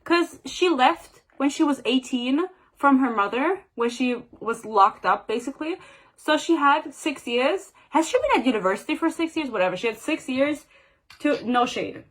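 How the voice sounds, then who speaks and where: A woman's voice: sits high, expressive, moderate pace, a bit bright. A young woman giving a casual, sarcastic book rant with dramatic asides. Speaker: book reviewer.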